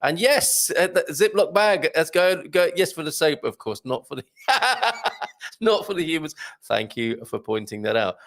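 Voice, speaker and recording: A man's voice: a little high, expressive, moderate pace, fairly bright tone. A light-hearted man hosting a live chat show, reading out viewer comments and laughing often. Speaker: host.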